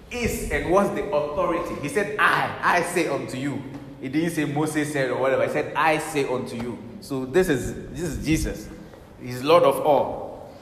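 A man's voice: mid-range voice, lively intonation, moderate pace, long pauses, a little hiss or hum. A man preaching a sermon emphatically, repeating key words and quoting scripture. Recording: echoey hall with faint ambience.

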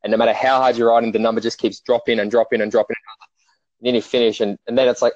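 A man in casual chat, telling animated stories and swearing freely. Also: medium pitch, very fast, no echo. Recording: dull lo-fi dry sound.

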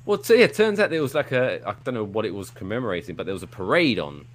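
A low-pitched man with a lively, swooping delivery rambles through an anecdote on a live podcast. He tells it playfully and drops silly sound effects into the story. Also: fast talker. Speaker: podcast host. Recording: live show with audience.

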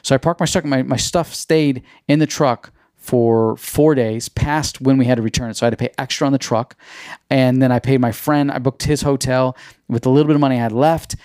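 A man's voice: steady tone, a little fast, a little mellow, no room sound, clean studio sound. A young man hosting a podcast, telling a long personal story in a rambling, casual way, filled with "like" and "you know.". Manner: acts out quoted dialogue with pitch jumps. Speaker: podcast host.

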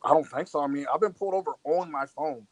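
A man's voice: fairly high pitch, quick pace, dry recording, rough recording. A man from Virginia, a podcast co-host, joking and swearing in casual chat.

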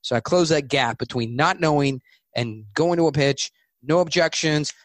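A male author from California, talking as an interview guest and telling animated anecdotes. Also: on the high side, no room sound. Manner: animated, anecdotal, quick asides. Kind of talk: conversational interview storytelling.

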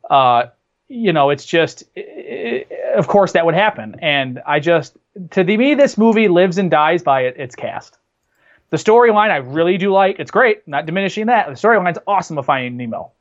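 A man's voice: fairly high pitch, lively intonation, moderate pace, highs cut off. A man co-hosting a casual movie discussion, talking enthusiastically and rambling with restarts. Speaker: podcast co-host.

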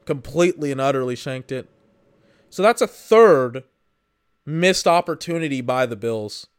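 A man's voice: mid-range voice, lively intonation, a little slow, clean tone. Exasperated man doing a game watch-along. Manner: exasperated, rambling, swears. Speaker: podcast host watching a game. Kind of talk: live watch-along commentary.

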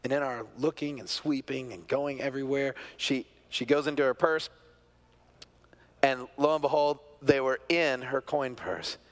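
A middle-aged male pastor preaching a sermon, telling a family story, moving from hushed, quiet moments to loud, excited peaks. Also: mid-range voice, moderate pace. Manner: animated storyteller, swings from hushed to near-shouting.

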